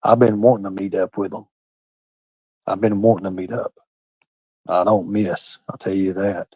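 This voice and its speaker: A man's voice: low-pitched, level tone, moderate pace, a little mellow, breathy edge, no echo, lo-fi sound. A man hosting a livestream, talking in a blunt, profane, preachy way with folksy phrasing like "by God" and "ain't". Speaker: livestream host. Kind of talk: heated livestream rant.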